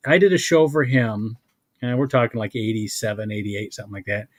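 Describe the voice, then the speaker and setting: A man's voice: fairly low pitch, fairly even intonation, brisk. An older man hosting a casual chat, rambling as he tells old stories and hunts for names. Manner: rambling, gets lost hunting for names. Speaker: host.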